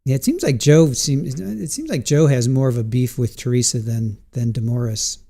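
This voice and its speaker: A man hosting a casual live stream about a trial reflects aloud on the testimony, often restarting sentences and fielding chat questions. His medium-pitched voice is gravelly and warm, expressive, at a normal speed.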